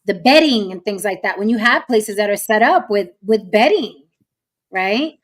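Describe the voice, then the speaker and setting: A woman's voice: mid-range voice, animated, normal speed. A woman hosting a casual panel discussion, stressing her points by repeating them.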